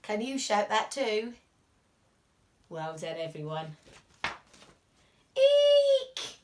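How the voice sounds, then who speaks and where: A woman teacher reading a picture book aloud to young children, animated and expressive, dropping to whispers at tense moments. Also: lowish voice, slow. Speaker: reception class teacher.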